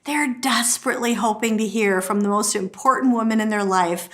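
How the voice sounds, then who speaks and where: A middle-aged woman teaching a marriage course, telling stories and acting out quotes with a lively delivery. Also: mid-range voice, fairly quick. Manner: lively storytelling, acts out quotes. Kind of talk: teaching talk to camera.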